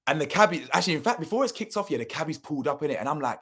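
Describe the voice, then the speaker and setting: A man's voice: fairly high pitch, animated, racing, fairly bright tone, slightly rough. A young man, telling a story casually and animatedly, full of slang and swearing, acting out what people said. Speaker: channel host.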